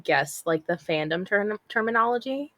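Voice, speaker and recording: A woman's voice: mid-range voice, normal speed, crowd noise. A young woman co-hosting a podcast in casual chat, telling stories with laughter. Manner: lively, animated storytelling, laughs often. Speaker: podcast co-host.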